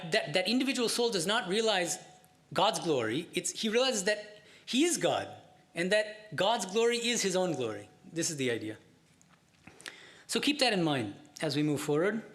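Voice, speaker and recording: A man giving a scripture class lecture, explaining in a measured way and asking rhetorical questions. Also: high voice, fairly bright tone. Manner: slow chanting of Sanskrit verses. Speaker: Vedanta teacher.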